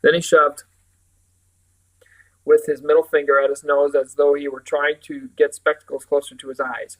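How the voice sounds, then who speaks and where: A man's voice: fairly high pitch, normal speed, long pauses, low-quality recording. Man reading a novel aloud. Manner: plain, steady reading with small slips and restarts.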